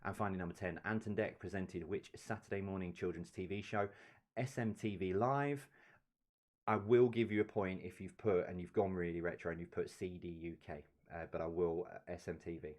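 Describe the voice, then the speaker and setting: A man's voice: sits low, steady tone, a little fast, a little mellow. A man hosting a live-streamed quiz, reading each question and its answer with offhand chatty asides. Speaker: quiz host.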